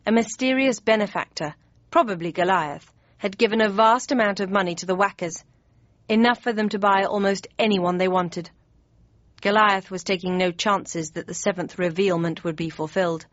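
A woman narrating an audiobook in the first person with crisp, even storytelling. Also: mid-range voice, moderate pace, no echo. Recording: dry, slightly dull studio read.

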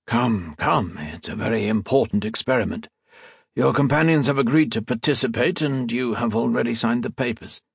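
A man's voice: mid-range voice, moderate pace, vocal fry, husky, no echo, studio quality. A man doing a cold, coaxing doctor. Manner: calm, clipped, coolly insistent. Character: cold, coaxing male doctor experimenting on people.

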